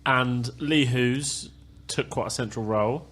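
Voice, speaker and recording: A man's voice: mid-range voice, a little slow, a bit bright. A man hosting a football podcast, putting short questions and prompts to his panel. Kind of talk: casual football podcast discussion.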